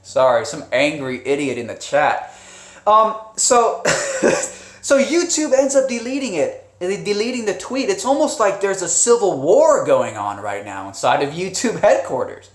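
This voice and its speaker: A man's voice: sits high, very animated, measured pace. Rambling man streaming live in an echoey room. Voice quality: rambling, with frequent restarts and profanity. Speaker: live streamer and channel host. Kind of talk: casual live-stream commentary. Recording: roomy echo.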